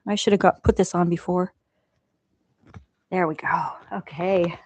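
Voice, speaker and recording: A woman hosting a casual livestream, talking in a gentle, chatty way and laughing often. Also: on the low side, animated, slow, pauses often, husky, highs cut off. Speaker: livestream host.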